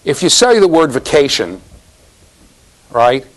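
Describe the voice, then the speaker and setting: A man's voice: on the high side, very animated, slow, low-quality recording. A man giving a university classroom lecture, teasing students and checking in with "right?".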